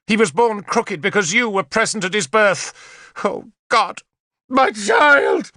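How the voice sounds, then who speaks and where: A man's voice: sits high, expressive, unhurried, a bit bright, dry recording, studio quality, pitched above the performer's own voice. A male narrator voicing a hysterical young queen mother who screams and weeps with spite. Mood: screaming.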